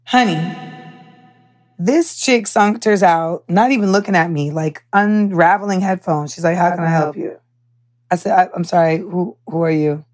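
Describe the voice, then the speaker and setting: A young woman hosting a podcast, telling a story in a candid, animated way with lots of fillers and swearing. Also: fairly low pitch, moderate pace. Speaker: podcast host. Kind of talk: casual chat.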